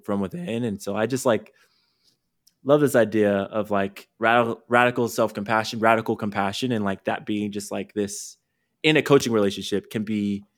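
A man hosting a podcast interview, talking candidly in a rambling, self-interrupting way. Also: lowish voice. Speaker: podcast host and career coach. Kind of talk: casual conversational interview.

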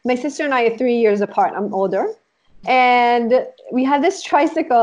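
An Israeli woman who works as a life coach chats as a guest, rambling through memories with plenty of "like" fillers and giggles. Her voice is fairly high and darkish in tone, she talks fairly quickly, and the audio sounds dull.

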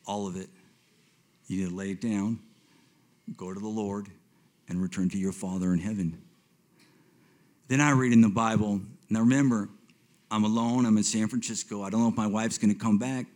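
A man in his fifties telling his personal faith testimony to a congregation, swinging between hushed reflection and excited retelling, often repeating himself. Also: on the low side, normal speed, pauses often. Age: 50s. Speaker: speaker giving a testimony.

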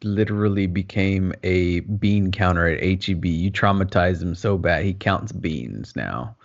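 A man's voice: low voice, unhurried. A man in casual podcast chat, joking and laid-back as he asks for stories. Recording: dull lo-fi audio.

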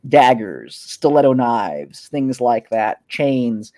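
A man's voice: medium pitch, big pitch swings, slow pace, dark tone. A young man narrating a tabletop game as game master, loose and rambling with many fillers.

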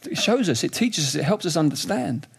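Man, middle-aged preacher, high-pitched voice, emphatic sermon delivery. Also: fairly quick, gravelly, slightly rough. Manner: animated, emphatic, shifts between quiet reflection and raised urgency.

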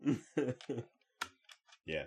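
A man co-hosting a podcast in casual chat, with a wry manner that often trails off quietly. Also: extremely slow. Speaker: podcast co-host.

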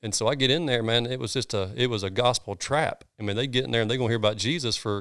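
Middle-aged Southern man, pastor guest, folksy storyteller, smooth and clear. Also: medium pitch, fast talker, hardly any pauses, dry recording, clean studio sound. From North Georgia, US. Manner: earnest, animated storyteller with folksy sayings. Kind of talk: casual storytelling interview.

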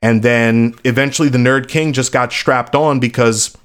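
A man's voice: mid-range voice, steady tone, moderate pace, a bit bright, clean tone. A man, a battle rapper from the Chicago area, telling stories in a loose, casual interview and acting out quoted voices.

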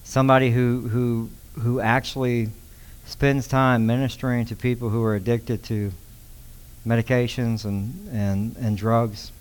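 A man's voice: mid-range voice, fairly even intonation, unhurried, clean tone. Pastor guy from texas teaching scripture, loose and chatty, lots of restarts and slang. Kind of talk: casual sermon teaching.

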